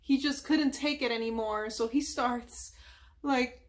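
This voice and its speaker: A woman's voice: fairly high pitch, unhurried. A woman retelling a cartoon episode from memory in a chatty ASMR style, full of asides. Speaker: ASMR storyteller.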